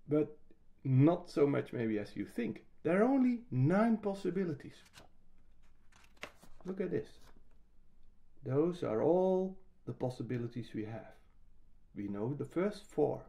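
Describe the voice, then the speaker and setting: A man gives a patient music lesson on reading rhythm. He speaks slowly, with a voice a little higher than usual for a man and plenty of rise and fall. His tone is dark and mellow. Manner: slow, patient explanation with sung rhythm syllables. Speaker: piano teacher. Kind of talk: music lesson, explaining and singing rhythm syllables.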